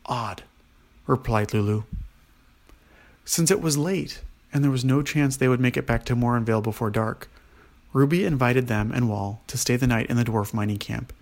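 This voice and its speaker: A man narrating a children's bedtime story in a gentle, steady manner. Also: medium pitch. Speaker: storyteller, father.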